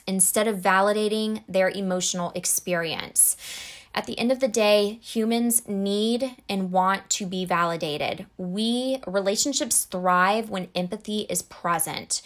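A woman with a mid-range voice talks casually to camera about emotional support. She's earnest and conversational, acting out examples as she goes.

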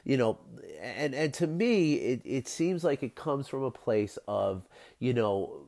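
A man's voice: mid-range voice, lively intonation, unhurried, vocal fry, darkish tone. A man hosting a casual solo podcast, rambling with many fillers while his voice is nasal and scratchy from a cold. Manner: rambling, many fillers and repeated words, frequent light laughs. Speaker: podcast host.

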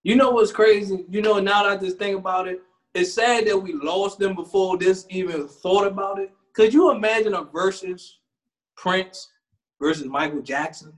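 High-pitched dc guy rambling in casual chat, laughs a lot. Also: moderate pace. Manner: animated, rambling, laughs often. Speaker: co-host.

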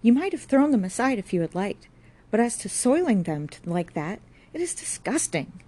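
An earnest, bookish young man, read by a woman, speaking in a raised, indignant voice with a warm, mellow tone. He sounds stung and proud, like a character from a classic audiobook. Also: medium pitch, very animated, moderate pace, pitched above the performer's own voice.

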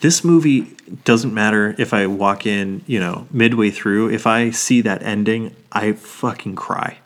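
A man's voice: on the low side, measured pace. A man in his thirties, a podcast co-host, chatting casually, swearing often and getting emotional about films. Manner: swears a lot, gets emotional about movies. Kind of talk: casual chat.

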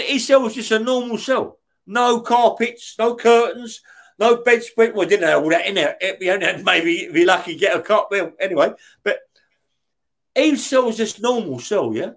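A man's voice: sits high, moderate pace, creaky. A man from West London with a London accent, a guest in an interview, telling his story in casual talk, swearing often and checking in with "yeah?". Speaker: interview guest, former prisoner.

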